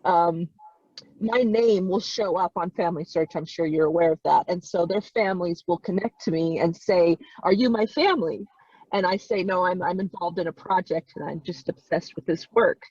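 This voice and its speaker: A woman's voice: fairly low pitch, steady tone, normal speed, warm tone, husky, no room sound. A woman volunteer genealogist speaking on a video call, choked up and crying as she gushes and repeats herself. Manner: tearful, gushing, repeats herself. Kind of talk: emotional participant remarks. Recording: dull dry video call audio.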